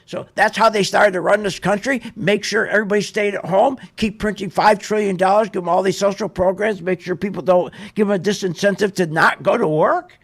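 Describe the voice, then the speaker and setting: A man hosts a radio show, ranting sarcastically in opinionated market commentary. His voice sits high for a man and has a gravelly fry running through it. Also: fairly even intonation, fairly quick, hardly any pauses, fairly bright tone. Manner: ranting, sarcastic, mocks others in put-on voices.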